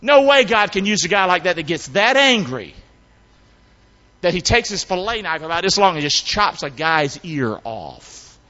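A man preaching with a very high, animated voice that leaps around in pitch, urging his congregation to answer back. He swings from near-whispers to shouts. The sound is a little dull and rings with the long reverb of a large hall. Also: normal speed. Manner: call-and-response preaching, swinging from hushed to shouting. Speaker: pastor. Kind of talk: sermon.

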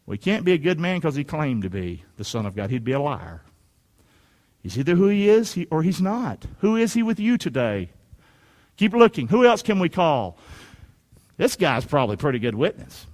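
Male pastor, high animated delivery, preaching in a reverberant church hall; swings loud to soft. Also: normal speed. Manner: animated preaching, swinging between loud shouts and low quiet asides. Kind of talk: sermon.

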